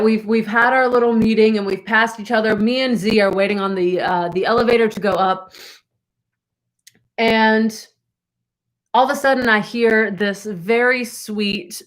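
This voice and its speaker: Slow-talking young woman telling a story. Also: fairly high pitch. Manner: animated, laughing, rambling with asides. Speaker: vlogger. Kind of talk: casual storytime to viewers.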